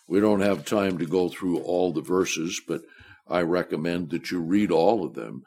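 A man preaching a sermon, reading scripture aloud and swelling louder and higher on the verses. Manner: slow, deliberate delivery that rises loud and high when reading verses.

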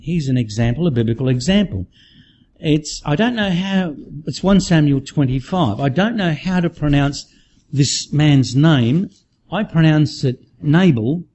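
A man preaches in a fairly high voice that rises and falls with lively swings, talking casually and often starting his sentences over. The recording sounds dull and lo-fi. A faint room ambience sits underneath. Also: a little hiss or hum. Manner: conversational and animated, frequent restarts. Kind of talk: sermon.

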